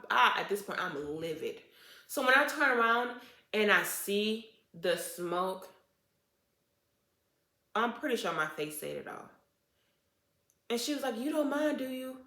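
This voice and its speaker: Woman doing a storytime vlog, fired up and indignant, bright voice in an echoey room. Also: medium pitch. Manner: animated and indignant, full of "like" and restarts. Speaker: vlogger telling a story. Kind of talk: storytime vlog, casual retelling.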